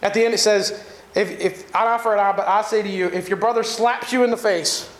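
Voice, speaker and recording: A man with a Southern American accent preaching a sermon, animated and conversational, with jokes and asides to the congregation. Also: high voice, brisk, reverberant. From Southern United States. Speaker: pastor.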